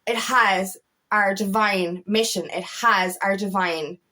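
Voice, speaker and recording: A woman's voice: mid-range voice, fairly even intonation, slow pace, pushed and bright. A woman spiritual coach talking casually to camera, candid and rambling, swearing freely.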